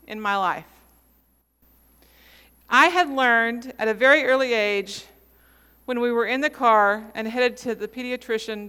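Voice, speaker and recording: A woman in her forties preaching a sermon, telling a story with measured, dramatic pauses. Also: on the high side, bright, forceful tone, clear, resonant tone, in a large hall. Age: 40s.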